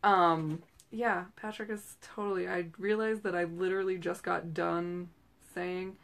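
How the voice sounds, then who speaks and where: A woman's voice: lowish voice, flat delivery, unhurried, creaky. A woman in her thirties chatting casually as a host, rambling through tangents with lots of fillers. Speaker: host and direct seller. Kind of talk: casual chat. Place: small room at home.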